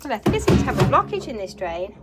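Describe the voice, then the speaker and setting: Cleaning her farmhouse kitchen and utility room, this English vlogger talks quickly to her viewers in a mid-range voice full of big pitch swings. She's a bit out of breath and hoarse, chatty as she works, and tends to trail off and restart, all over loud background music.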